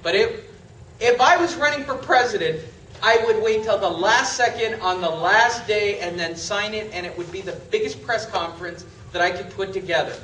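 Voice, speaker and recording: Guy with a high bright voice teaching a seminar, super emphatic, mic kinda far off. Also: moderate pace, a little hiss or hum. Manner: emphatic, animated, rhetorical questions. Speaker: real estate trainer. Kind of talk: seminar lecture. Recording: echoey room from a distance.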